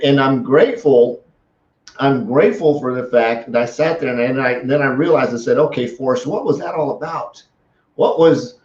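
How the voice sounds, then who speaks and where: A man talks to his live audience in a casual, storytelling way. He stops and restarts his sentences often and stays animated. The sound is roomy and a little muffled, as if it was recorded in a small office. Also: medium pitch. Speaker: host. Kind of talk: casual live-stream talk. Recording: echoey room, dull lo-fi sound.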